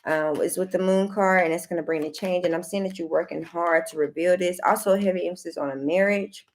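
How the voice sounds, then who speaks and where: Gravelly low-voiced woman reading tarot. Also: steady tone, brisk. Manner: loose, slangy and direct, talks straight to the listener; repeats phrases and restarts often. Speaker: tarot card reader. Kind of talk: casual tarot reading addressed to viewers.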